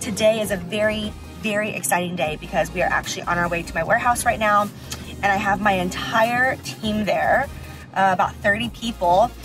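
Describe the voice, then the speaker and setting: A woman's voice: mid-range voice, brisk, music in the background. A woman vlogging in a casual, gushing chat, full of "like" and giggles. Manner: chatty, gushing, sprinkled with "like" and giggles. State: hungover and tired.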